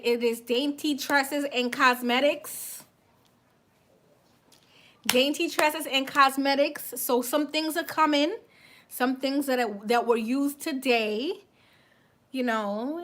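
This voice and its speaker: A woman's voice: high voice, slow, fairly bright tone. A woman with a light West Indian accent, chatting casually on a makeup livestream, thanking viewers and tripping over her words now and then. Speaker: beauty vlogger on a livestream.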